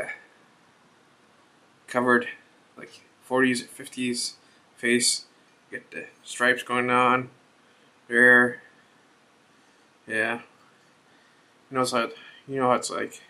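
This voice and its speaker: A man's voice: medium pitch, slow pace, pauses often, pushed and bright. A man hosting a casual beer review vlog, thinking aloud and rambling as he reads the label.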